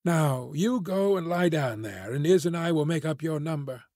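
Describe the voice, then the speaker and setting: A man's voice: fairly high pitch, lively intonation, normal speed, a little mellow, no room sound, studio quality. A man voicing a stout, kindly young farm woman who turns dreamy and tipsy, with homely rural speech.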